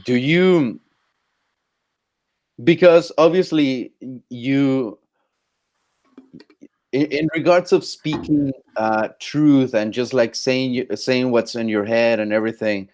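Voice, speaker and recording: A man's voice: medium pitch, slow, pauses often, a little mellow. A man on a casual live stream as a guest, teasing and giggly, often stumbling and restarting his sentences.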